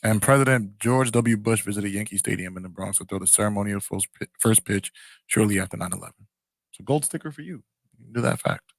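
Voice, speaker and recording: A man's voice: fairly low pitch, brisk, gravelly, no room sound. A man co-hosting a podcast in laid-back casual chat, reading facts aloud and telling stories. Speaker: podcast co-host.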